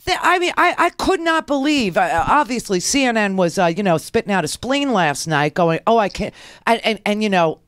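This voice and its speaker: A middle-aged woman hosts a talk radio show, talking in a sarcastic, restless ramble. Her pitch leaps up and down as she riffs. The recording is dry and close, with no room sound. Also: normal speed, hardly any pauses, no room sound. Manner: animated, sarcastic, rambling with many restarts. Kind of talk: talk radio political commentary.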